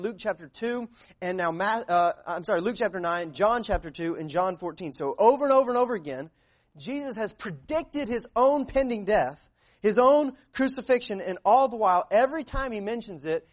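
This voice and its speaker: A high-pitched man preaching to his congregation in an earnest, searching way. He stumbles and restarts often, filling pauses with "uh" as he works through the passage. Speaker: pastor. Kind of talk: sermon.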